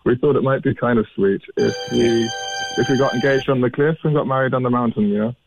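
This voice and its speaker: A man's voice: medium pitch, steady tone, quick pace, gravelly, over music. A man from Ireland with a mixed Irish and English accent, chatting in an easygoing, jokey way as a phone interview guest. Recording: tinny phone line.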